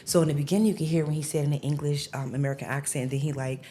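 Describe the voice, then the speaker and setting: Woman, low voice, podcast guest, chatty, animated storytelling, casual. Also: racing, a little hiss or hum. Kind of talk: casual chat about music.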